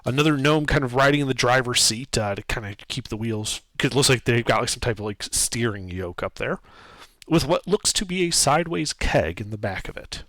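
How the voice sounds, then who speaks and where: A man narrating a tabletop game as game master, describing scenes in a lively, casual way with fillers. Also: mid-range voice, brisk, no room sound.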